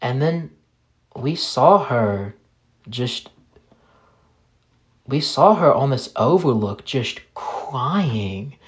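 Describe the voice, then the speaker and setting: Slow, somber male storyteller. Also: medium pitch, lively intonation, slight background noise. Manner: slow, halting, somber narration. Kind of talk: first-person spoken story.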